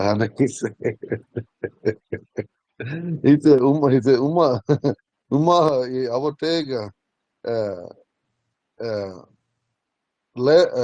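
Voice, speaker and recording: A man teaching a language class, telling stories in a relaxed way and laughing often. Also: mid-range voice, no room sound. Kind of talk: casual storytelling in class.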